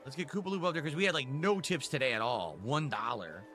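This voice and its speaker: A man's voice: medium pitch, animated, fast talker, bright, forceful tone, soft background music. A man streaming and talking candidly and matter-of-factly to his audience. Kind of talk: casual stream talk to the audience.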